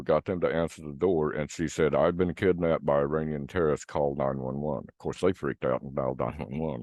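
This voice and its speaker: A man's voice: very deep voice, a little mellow, no room sound. A man vlogging a blunt, profane rant straight to his viewers, hammering the same points over and over. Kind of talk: ranting monologue to viewers.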